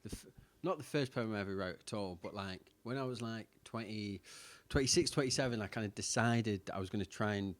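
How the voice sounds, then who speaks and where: A man with a very deep voice talks loosely on a radio show. His sentences wander and restart as he explains his work. He is a poet reading his own writing. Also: brisk, few pauses. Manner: rambling, lots of "like" and restarts. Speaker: poet and guest. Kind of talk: casual radio chat and poetry reading.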